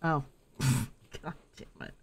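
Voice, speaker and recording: Playful swearing woman streaming a game. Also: drawn-out words. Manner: playful, swears freely, talks to chat. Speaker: gaming streamer. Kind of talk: casual live gameplay commentary.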